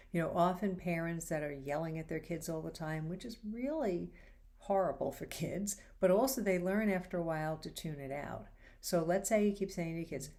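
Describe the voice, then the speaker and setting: A woman hosting a faith-based advice show, talking casually and acting out quoted lines with animated shifts in voice. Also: on the low side. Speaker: host.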